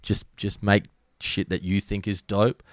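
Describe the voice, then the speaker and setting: An Australian man speaking as a guest DJ in a casual podcast interview, relaxed and slangy, swearing freely. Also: lowish voice, measured pace, dry recording, studio quality. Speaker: guest DJ and producer.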